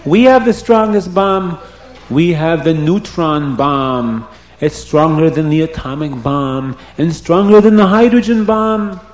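A man's voice: fairly high pitch, unhurried, darkish tone, natural voice. A man voicing a confident male world leader who warns the others with emphasis. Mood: boastful. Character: boastful male world leader, sure of himself. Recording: roomy echo.

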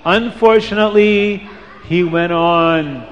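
A man telling a moral story to listeners, hushing them and moving between soft and emphatic delivery. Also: sits high, slow, in a large hall.

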